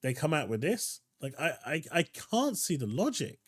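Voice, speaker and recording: A man's voice: fairly high pitch, big pitch swings, moderate pace, husky. Blunt man hosting a gaming stream. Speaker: stream host. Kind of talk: casual chat.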